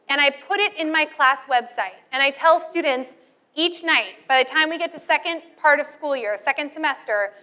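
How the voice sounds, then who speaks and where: Woman teacher, high bright voice, lively storyteller acting out her classroom anecdotes. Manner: animated storytelling, acts out students and calls. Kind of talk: teacher training talk.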